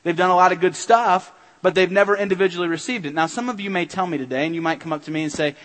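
High-voiced man preaching in a reverberant hall. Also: quick pace, fairly bright tone. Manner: earnest, urgent preaching with emphatic repetition. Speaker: pastor. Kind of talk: sermon. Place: church sanctuary.

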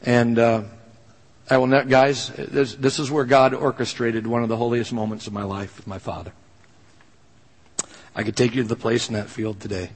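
A man's voice: medium pitch, fairly even intonation, moderate pace, pauses often, in a large hall, rough recording. A man pastor preaching a sermon, telling a personal story in an earnest, conversational way.

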